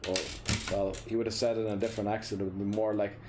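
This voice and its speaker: Low-voiced streamer, ranting and swearing. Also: male voice, level tone, quick pace, mellow, slight background noise. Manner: ranting, swears freely, then apologises. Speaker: gaming streamer. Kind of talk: casual gameplay commentary. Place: seated at a computer desk, indoors. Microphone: desk microphone, sometimes leaning back from it.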